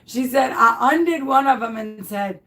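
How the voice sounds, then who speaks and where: A woman's voice: on the high side, expressive, moderate pace, pushed and bright. A woman in her thirties hosting a craft video, casually telling viewers a funny personal story with lots of laughter and restarts. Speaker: craft tutorial host.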